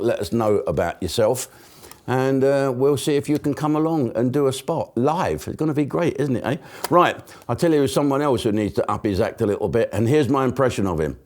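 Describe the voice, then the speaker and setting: A man's voice: medium pitch, a little mellow. A man hosting a live show, delivering a chatty, rambling comic monologue full of swearing and asides. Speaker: host. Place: broadcast studio.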